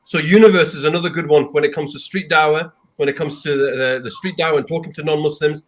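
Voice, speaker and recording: A male host with a fairly high voice leads a casual panel chat. He keeps things moving with upbeat, encouraging remarks. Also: steady tone. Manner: upbeat, encouraging, quick affirmations.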